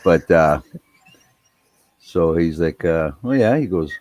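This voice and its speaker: A man's voice: extremely low pitch, sing-song, takes it slowly, pauses often, a little mellow, a little hiss or hum. A man telling a rambling, profane story in a laid-back casual chat.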